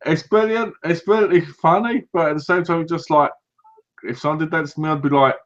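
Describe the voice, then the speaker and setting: A British man co-hosting a casual podcast, telling lively anecdotes and acting out what other people said. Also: on the high side, fairly quick. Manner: animated anecdotes, acts out other people's lines. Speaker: podcast co-host. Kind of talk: casual chat, storytelling. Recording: dull lo-fi recording.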